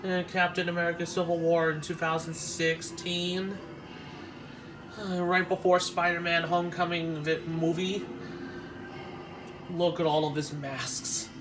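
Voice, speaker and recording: A man vlogging as he walks through an exhibition, talking in a halting, nostalgic way with frequent restarts. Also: on the high side, flat delivery, noisy background. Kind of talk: casual walk-through commentary.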